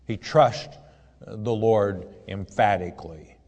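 Low-voiced guy preaching, reads scripture real slow and measured, long echoey hall sound. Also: a little mellow. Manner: measured, deliberate reading with asides. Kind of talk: sermon reading scripture with commentary.

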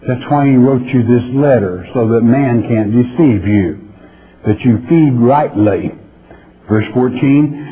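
A man's voice: mid-range voice, takes it slowly, highs cut off. A man, preaching verse by verse in a folksy, emphatic way with frequent "okay?" asides. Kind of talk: verse-by-verse Bible teaching.

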